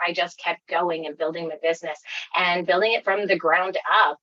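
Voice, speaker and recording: A chatty woman with a Wisconsin accent speaks in a bright, forceful tone. The sound is dry and a little dull, like a lo-fi remote call. She talks as an upbeat interview guest. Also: lowish voice, no echo. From United States. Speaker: guest, online tutoring coach. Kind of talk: casual interview chat.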